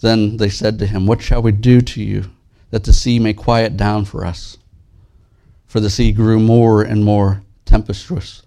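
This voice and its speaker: A man preaching a sermon as pastor, soft and slow in prayer, lifting his voice when he reads scripture aloud. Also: on the low side, little pitch movement, vocal fry. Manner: earnest, rises and grows louder when reading scripture.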